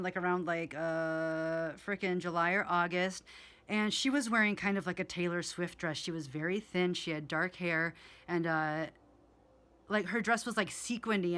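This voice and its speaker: A woman's voice: mid-range voice, fairly bright tone. A woman in her forties telling a rambling story in a casual, profane way, with many fillers.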